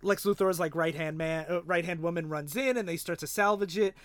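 A man in a casual podcast chat walks through a comic's plot, slipping into quoted lines and laughing along. His voice sits a little high and sounds dry and close. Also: brisk, no echo.

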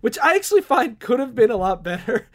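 A man's voice: very high-pitched, sing-song, a little fast. A man casually recapping a comic book with friends, telling the story with quoted voices and swearing. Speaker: podcast co-host.

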